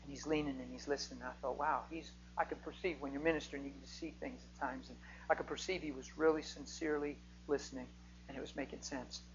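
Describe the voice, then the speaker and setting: A man preaching a sermon, telling a healing story and rising to near-shouting when he gets excited. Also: medium pitch, quick pace, dull audio, slight background noise.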